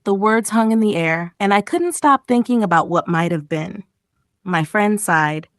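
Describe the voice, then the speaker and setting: In a studio recording with no room sound, an animated woman reads a little slowly through short emotional stories for English learners. After each paragraph title, she performs the quoted lines at a higher pitch, giving each a separate feeling.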